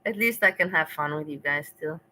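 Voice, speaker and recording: Chatty livestreaming woman, bright voice. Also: low voice, a little fast, rough recording. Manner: rambling, laughs often, talks back to chat. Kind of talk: casual livestream chat to viewers.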